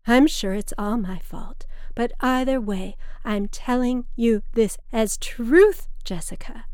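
A woman's voice: mid-range voice, dark tone, no echo, studio quality, close to an everyday voice. A woman voicing her drunk, dramatic, manipulative mother, speaking in a theatrical, intense, slightly slurred way.

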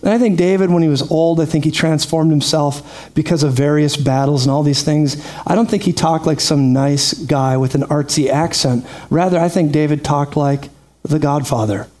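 A male preacher delivering a sermon like a friendly chat. His voice sits a touch high, and he keeps breaking into laughing asides as he tells the story. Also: steady tone, moderate pace, a little mellow.

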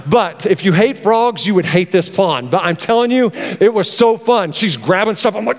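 Animated preacher man in a reverberant hall. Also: high voice, normal speed. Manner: animated, storytelling with acted-out exclamations. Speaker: pastor. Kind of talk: sermon. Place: church hall.

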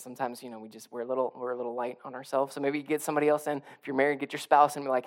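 A man's voice: medium pitch, level tone, very fast, few pauses. Guy preaching, chatty sermon style, restarts his sentences a lot. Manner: conversational preaching, repeats and restarts, rising to emphatic. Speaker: pastor.

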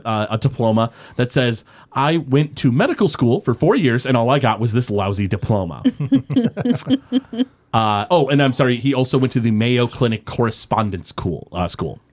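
A man's voice: medium pitch, animated, normal speed. Rambling, laugh-prone man recapping a show. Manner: rambling, lots of filler words, laughs often. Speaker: podcast co-host. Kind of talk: casual chat recapping a cartoon episode.

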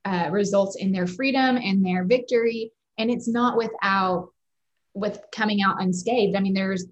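A woman co-hosts a casual faith-based chat at a middle pitch, warmly affirming and reflective. She talks her thoughts through at length. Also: unhurried, highs cut off. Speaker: podcast co-host.

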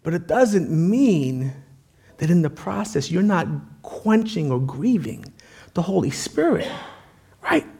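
High-voiced, animated pastor preaching. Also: male voice, slow, vocal fry, husky. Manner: casual, conversational, frequent "right?" and restarts. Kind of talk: sermon.

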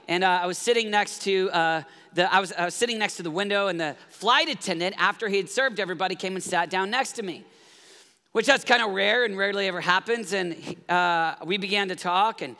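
A man in his forties, a guest pastor, preaching a lively sermon in a church and calling for congregation responses. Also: high-pitched, a little fast. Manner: energetic, calls for congregation responses. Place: church hall. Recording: reverberant church hall.

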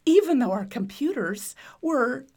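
A woman's voice: high-pitched, expressive, unhurried, darkish tone. A middle-aged woman chatting casually, telling stories animatedly and laughing often mid-sentence. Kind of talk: casual chat.

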